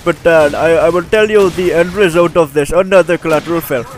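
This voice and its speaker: A man giving casual, rambling commentary over his own gameplay, excitable and swearing often into a desktop mic. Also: fairly high pitch, a little fast.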